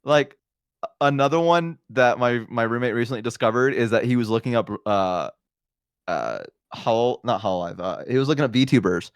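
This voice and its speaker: A man's voice: medium pitch, moderate pace, clean tone, no echo, clean studio sound. A man chatting casually on a stream, telling stories and acting out the people in them. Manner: animated storytelling, acts out quotes. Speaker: guest streamer.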